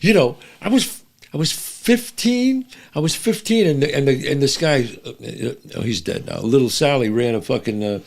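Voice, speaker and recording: A man who is a guest on a podcast, telling animated, profane stories from his youth in casual chat. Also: mid-range voice, moderate pace, vocal fry.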